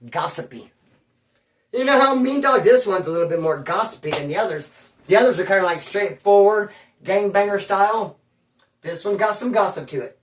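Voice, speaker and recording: A man telling a story in a rambling, slangy, animated way, recorded in a room at his home. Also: sits high. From Bakersfield area. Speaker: storyteller on his own channel. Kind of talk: casual storytelling. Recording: roomy, mic at a distance.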